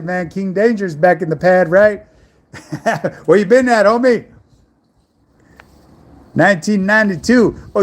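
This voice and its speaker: A middle-aged man, an online fitness coach, chatting casually on a livestream and answering viewer messages in laid-back street slang. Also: sits high.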